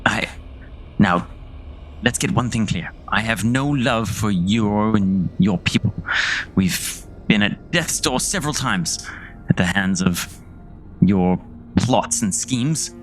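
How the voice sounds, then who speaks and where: A man voicing a formal male investigator who speaks in a measured, stern way. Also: on the low side, faint music behind.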